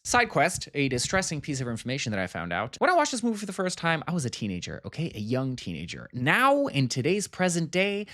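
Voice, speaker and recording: A man's voice: medium pitch, a bit bright, dry recording, clean studio sound. A man giving a comedic movie recap with theatrical, sarcastic asides. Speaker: film reviewer.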